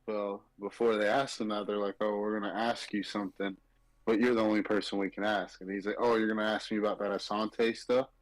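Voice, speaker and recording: A man's voice: lowish voice, little pitch movement, brisk, no room sound, low-quality recording. A man co-hosting a sports betting podcast, ranting emphatically and profanely in casual chat. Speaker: podcast co-host.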